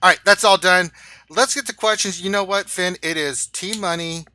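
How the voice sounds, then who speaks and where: Bright-voiced joking male stream host. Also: high voice, moderate pace, no room sound. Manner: joking, playful, trailing off quietly. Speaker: livestream host. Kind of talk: casual livestream chat.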